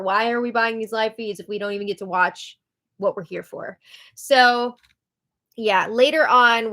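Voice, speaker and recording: A woman's voice: medium pitch, a bit bright. A woman hosting a casual live recap of a reality show, talking in a chatty way with frequent "like".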